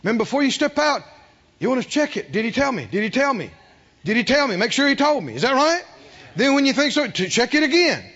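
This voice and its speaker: A man preaching a sermon with energy. He throws questions to the congregation and acts out the quoted voices with big swings in loudness. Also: extremely high pitch, fast talker, muffled recording. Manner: animated preaching with call-and-response questions to the congregation. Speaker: pastor.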